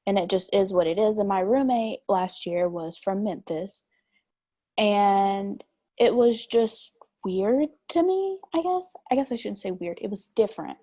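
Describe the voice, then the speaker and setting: A young woman from East Tennessee with a broad country accent tells stories candidly in an online panel. Her voice is warm and mellow, at a middle pitch. She sounds like she is on a video call. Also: lively intonation, unhurried. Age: young adult. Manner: candid and storytelling.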